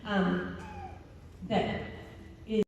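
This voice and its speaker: A woman's voice: mid-range voice, flat delivery, very slow, vocal fry, muffled recording. A woman giving a humorous, self-deprecating talk to homeschool parents, often laughing as she speaks. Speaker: convention speaker. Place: large convention hall. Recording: echoey hall from far off.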